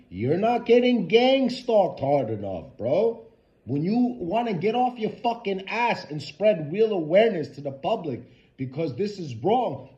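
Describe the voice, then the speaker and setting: Ranting profane man, lively pitch. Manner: profane, emphatic, repeats points with "yo" and "you know". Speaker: vlogger. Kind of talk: ranting monologue to camera. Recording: dull lo-fi sound.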